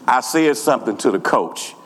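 Speaking at a moderate pace in a medium pitch, this middle-aged pastor delivers a sermon in an echoey hall, with a little hiss or hum on the recording. His storytelling is animated and emphatic, full of repeated words.

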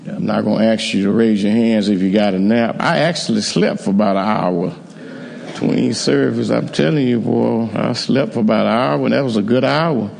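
A man's voice: fairly low pitch, moderate pace, gravelly, darkish tone. A man preaching an evening sermon in a church, talking conversationally and often repeating words. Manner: conversational, repeats words, call-and-response amens. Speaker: pastor. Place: church sanctuary. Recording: reverberant church hall.

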